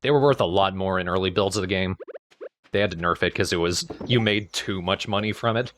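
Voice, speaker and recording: A man's voice: sits low, brisk, a bit bright, slight background noise. A man casually commentating a game he is playing, explaining its mechanics and laughing easily. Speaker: let's play host.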